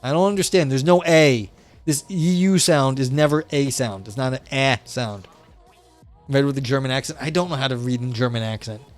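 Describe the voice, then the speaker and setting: A man's voice: medium pitch, normal speed, soft background music. A man hosting a livestream, chatting casually with viewers and reading a philosophy text aloud, with lots of fillers. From United States, south of the New England area. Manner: chatty, responds to chat, many fillers. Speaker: livestream host.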